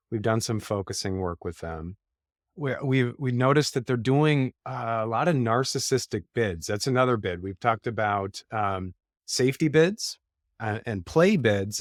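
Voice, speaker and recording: A man's voice: mid-range voice, dry recording, studio quality. A man hosting a podcast interview who lays out a clinical case step by step in a methodical way. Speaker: podcast host.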